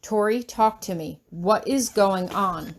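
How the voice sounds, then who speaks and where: A stern older professor who barks short, clipped orders. His voice sits fairly high, as a female narrator puts him on. He speaks with cold authority. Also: takes it slowly, slight background noise. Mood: urgent.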